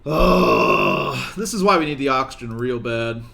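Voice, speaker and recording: A young streamer narrates his colony game live, pleading with and exasperated by his characters. He speaks fast and expressively in a mid-range voice with a sharp tone.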